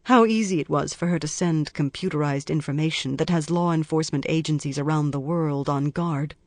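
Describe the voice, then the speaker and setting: Man narrating an audiobook, measured reading, fairly high voice, dry close recording. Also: no room sound. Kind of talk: scripted narration.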